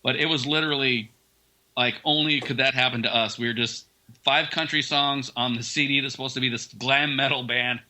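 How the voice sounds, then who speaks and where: A man, a rock band member, telling a funny story in an interview, animated and acting out what people said. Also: medium pitch, fairly quick.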